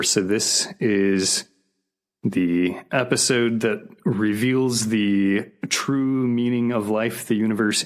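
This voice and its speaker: Man, podcast co-host, low voice, very slow, dry, casual chat.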